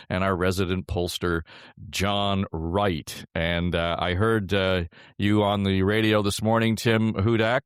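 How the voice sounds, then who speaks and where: A man's voice: on the low side, no echo, studio quality. An older man hosting a political podcast panel in an easygoing, chuckling way. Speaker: podcast host. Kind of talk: casual panel chat.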